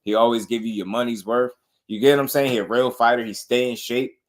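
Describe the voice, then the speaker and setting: A man hosting a casual boxing talk show, commenting on clips in a relaxed, repetitive way and often asking "you know what I mean.". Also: mid-range voice, a little fast.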